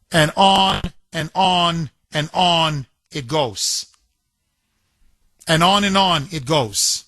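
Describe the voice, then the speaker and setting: A man's voice: a little high, extremely slow, pushed and bright, no echo. A male radio talk show host giving an indignant, emphatic monologue full of rhetorical questions, into a studio microphone.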